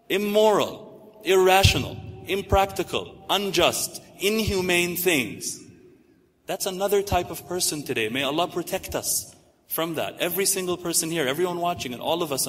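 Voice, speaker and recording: A man's voice: a little high, fairly bright tone. A man giving a religious lecture to a live audience, emphatic, building lists with rising stress. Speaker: religious speaker. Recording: echoey hall reverb.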